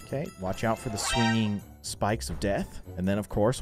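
A man's voice: fairly low pitch, moderate pace, hardly any pauses, faint music behind. A man hosting a gaming video, giving playful, joking commentary as he plays. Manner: animated, joking, mock-annoyed.

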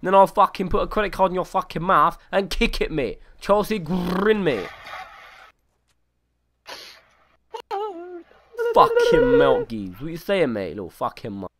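A man's voice: sits high, wildly swooping pitch, normal speed, few pauses, noisy background. A man voicing a brash young male London chav troll in game voice chat, taunting and repeating slang tags with a put-on London street accent. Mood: menacing. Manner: taunting, repeating "mate" and "innit".

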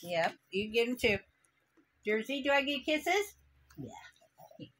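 A woman who owns dogs, talking to them in teasing, sing-song baby talk at home, with loud barking behind. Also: high voice, very animated, takes it slowly, a little hiss or hum. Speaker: dog owner.

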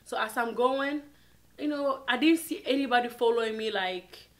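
A woman vlogger telling a personal story in casual, animated storytime style, with lots of filler words. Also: fairly high pitch, moderate pace. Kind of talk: storytime vlog.

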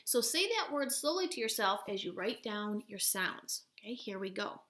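A woman teaching first graders in a recorded video lesson, speaking gently and slowly and sounding out words for the children. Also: on the high side, animated.

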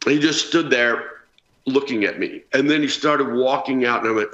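A man's voice: mid-range voice, normal speed. A man in his sixties, a former ballplayer guest telling stories earnestly in a remote news interview. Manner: earnest, animated storytelling. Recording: roomy, dull remote feed.

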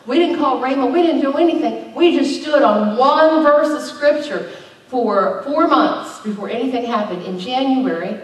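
A woman's voice: sits high, animated, moderate pace. A middle-aged woman pastor preaching a conversational sermon with emphatic bursts. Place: church sanctuary. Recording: very echoey, distant church recording.

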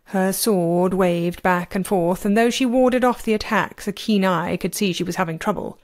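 A woman narrating a novel as an amateur audiobook reader, with expressive, varied pacing. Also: medium pitch, moderate pace.

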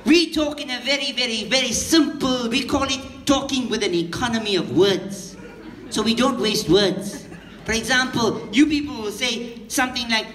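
A man's voice: very high voice, moderate pace. A man with a Durban South African Indian accent doing stand-up at a party, teasing the crowd and laughing between jokes. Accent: South African Indian English, Durban. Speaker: stand-up comedian. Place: party hall. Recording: echoey hall with loud noise.

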